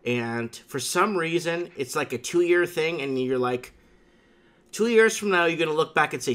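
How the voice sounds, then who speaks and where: A slightly higher-voiced man hosts a casual talk show, telling stories with plenty of emphasis and repetition. He keeps circling back to the same phrases as he talks a guest through his point. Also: animated, moderate pace, fairly bright tone. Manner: emphatic storytelling with repeated catchphrases. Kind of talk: casual chat.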